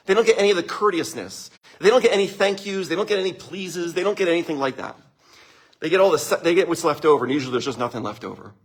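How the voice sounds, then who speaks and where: A man giving a relationship talk to a live audience. His voice sits a little high and a bit husky, with a lively, swinging delivery. He laughs often and keeps checking in with his listeners. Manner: animated, laughs often, addresses listeners directly. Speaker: speaker presenting relationship advice.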